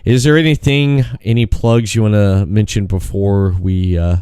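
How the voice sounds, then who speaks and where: A man co-hosting a podcast, ranting in a profane, animated way and acting out quotes in a raised voice. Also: lowish voice, normal speed, clean tone, dry recording, clean studio sound. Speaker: podcast co-host. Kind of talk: casual podcast chat.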